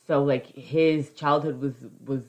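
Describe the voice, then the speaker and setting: A woman's voice: extremely low pitch, steady tone, slow, darkish tone. A woman co-hosting a podcast, telling a story in casual chat, swearing freely and acting out quoted voices.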